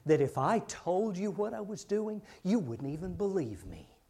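A man voicing God, low and assured. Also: big pitch swings, moderate pace, mellow, breathy edge, full character voice. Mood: calm assurance. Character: calm, stern God answering a prophet.

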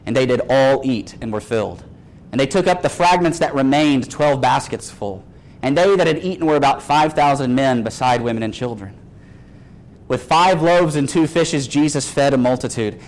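A man's voice: mid-range voice, animated, normal speed, a little mellow, low-quality recording. A man preaching a sermon, reading scripture aloud and retelling the stories with acted-out dialogue.

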